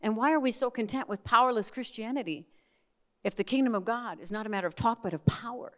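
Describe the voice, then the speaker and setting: Animated woman preaching with stories. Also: on the high side, fast talker. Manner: animated storyteller, acts out quoted voices. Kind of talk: sermon with personal stories.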